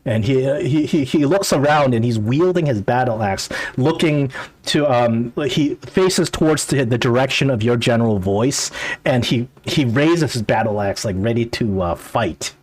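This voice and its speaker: A man narrating a tabletop game as game master, halting with frequent restarts. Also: mid-range voice, lively intonation, a little mellow.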